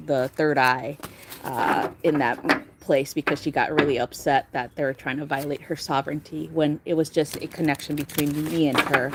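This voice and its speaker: A woman's voice: deep voice, heavy background noise. A young woman doing a casual tarot reading vlog, talking chattily, laughing often and swearing casually. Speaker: tarot reader.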